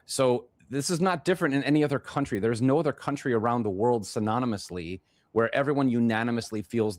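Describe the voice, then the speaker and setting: A man with a Chicago accent hosts a talk show, speaking in a lowish, slightly mellow voice with no echo. As the podcast host introduces a guest in a casual monologue, he rambles and restarts his phrases.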